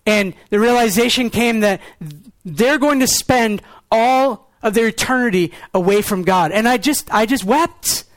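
A young adult man preaching a sermon as pastor, earnest, moving between quiet, lower lines and quick, pointed rhetorical runs. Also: no echo.

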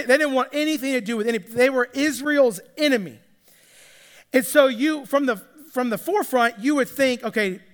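High-voiced pastor in a reverberant hall. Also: male voice, a bit bright. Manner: casual storytelling, acts out characters' lines. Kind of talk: sermon.

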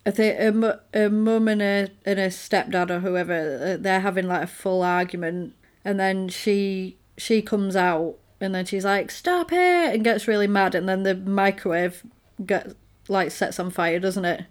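A woman's voice: medium pitch, normal speed. Chatty woman recapping a film. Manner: chatty, animated storytelling full of "like". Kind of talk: casual chat recapping a film.

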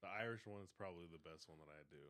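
A man chatting casually on a podcast, laid-back and quick to laugh. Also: low-pitched, a bit bright. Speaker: podcast co-host. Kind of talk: casual chat.

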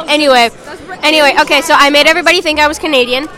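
A woman's voice: high-pitched, fairly even intonation, very fast, bright, forceful tone, a faint crowd. A woman chatting with friends, rambling and stalling with lots of ums. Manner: rambling with many filler ums. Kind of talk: casual chat among friends.

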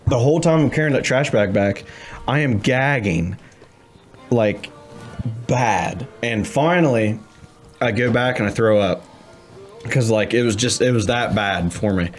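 Man, casual chat, rambling storyteller, laughs a lot, mid pitch, faint music behind. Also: measured pace, long pauses. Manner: rambling storyteller, laughing, swearing, many fillers.

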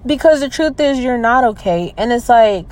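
A woman in her early twenties venting in a personal vlog. She talks hesitantly, with many fillers and trailing restarts, and sounds low and close to tears. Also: lively intonation, normal speed, a little mellow, low-quality recording. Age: 20s. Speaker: vlogger.

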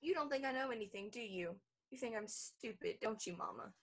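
An actress playing a childlike grown woman who pleads with her stern mother in an earnest, halting way. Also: a little high, expressive, breathy edge. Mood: agitated. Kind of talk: stage drama acting.

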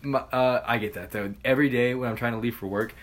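A man's voice: mid-range voice, fairly even intonation, quick pace. A man co-hosting a podcast in crude, joking casual chat. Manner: crude, laughing banter. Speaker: podcast co-host.

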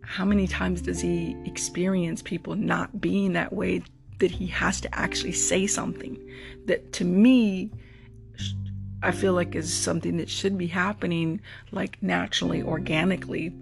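Guitar music runs under this rideshare driver's casual, reflective monologue, spoken at a normal speed in a gravelly, mid-range voice with a level tone. He frequently repeats words as he hunts for what to say next.

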